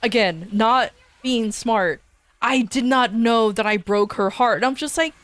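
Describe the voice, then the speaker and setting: A woman's voice: on the high side, unhurried, fairly bright tone, dry recording. A woman streamer telling a rambling story in a casual chat, swearing and restarting often.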